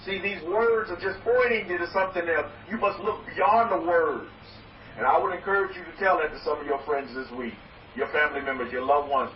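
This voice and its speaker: A man preaching as a rabbi to a congregation, loud and excited, repeating phrases for emphasis. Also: a little high, brisk. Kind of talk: energetic sermon to a congregation. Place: hall with congregation. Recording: roomy, distant, dull lo-fi recording with faint noise.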